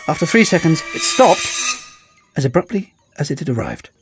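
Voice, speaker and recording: Expressive male audiobook narrator. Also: on the high side, normal speed, music in the background. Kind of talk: scripted narration.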